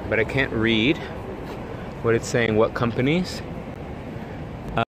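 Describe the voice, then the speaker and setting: A man's voice: mid-range voice, slow pace. A man live streaming as he walks a city, chatting in loose, rambling asides to viewers. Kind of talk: casual walking live stream commentary. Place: busy city street outdoors. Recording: clear city street noise behind. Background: traffic and street ambience.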